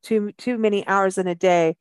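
A woman's voice: medium pitch, steady tone, normal speed, clear, resonant tone, no room sound. A woman from South Africa hosting a radio travel show, chatting in a rambling way full of "you know". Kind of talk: casual radio chat.

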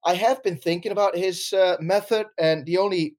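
A man's voice: sits high, normal speed, a little mellow. A man co-hosting a podcast, chatting casually, laughing often and swearing now and then. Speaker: podcast co-host.

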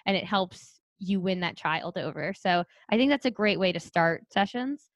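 A woman's voice: fairly low pitch, expressive, no room sound. Chatty woman, dry close sound. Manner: quick, chatty, frequent "like" fillers. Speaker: speech therapist, podcast co-host. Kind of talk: casual podcast chat.

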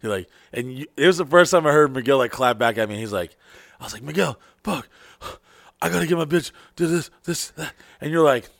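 A man's voice: fairly high pitch, lively intonation, fairly quick, vocal fry, a bit bright, no room sound, clean studio sound. A man chatting casually as a podcast host, swearing freely and acting out quotes as he tells stories. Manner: profane, storytelling, acts out quotes in voices. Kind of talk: casual chat.

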